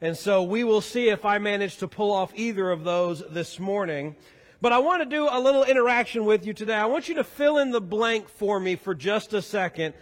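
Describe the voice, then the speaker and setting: A man's voice: sits high, lively intonation, a little fast. A man preaching a sermon as pastor in a church sanctuary, talking in a conversational, joking way. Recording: echoey hall.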